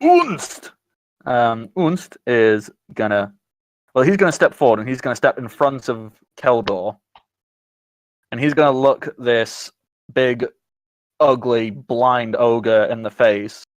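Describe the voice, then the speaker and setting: A man's voice: medium pitch, animated, slow pace, no echo. A man running a tabletop game as game master, narrating in a descriptive way with chuckles.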